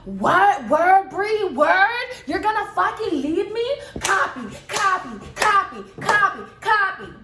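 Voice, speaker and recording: A belligerent young woman yells shrilly and high, as a woman mimics her. The voice jumps well above the speaker's own, and the room adds a roomy echo. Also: fairly even intonation, a little fast, natural voice. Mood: yelling. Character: furious young woman friend, yelling. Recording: roomy echo, faint noise.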